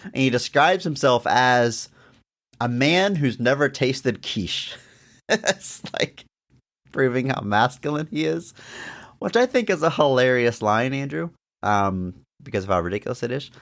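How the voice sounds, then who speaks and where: A young man co-hosting a casual podcast, reviewing a film with lots of laughing and excited jumps in pitch. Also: unhurried, creaky. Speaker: podcast co-host. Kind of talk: casual movie review chat.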